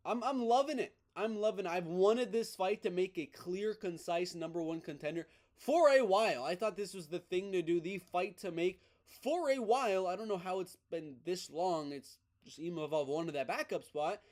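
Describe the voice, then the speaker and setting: A man with a noticeably high-pitched voice delivers casual fight news commentary. He talks with excited, emphatic opinions and doubles back on his words to drive a point home. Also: moderate pace, few pauses. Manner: excited, emphatic, repeats himself. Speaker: MMA news host.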